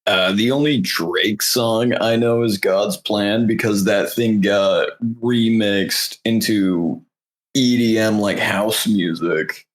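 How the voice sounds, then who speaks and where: A man's voice: on the low side, takes it slowly. A young man co-hosting a podcast, telling stories in a rambling way with many fillers. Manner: rambling, filler-heavy storytelling. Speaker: podcast co-host. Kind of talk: casual chat.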